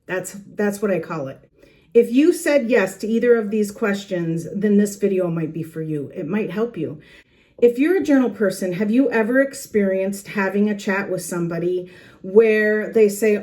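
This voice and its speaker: A woman's voice: medium pitch, moderate pace, darkish tone. Earnest, chatty middle-aged woman. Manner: earnest, chatty, with small laughs and restarts. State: a little out of breath. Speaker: journaling channel host. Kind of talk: casual heartfelt talk to camera. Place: home planner room. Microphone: camera facing her.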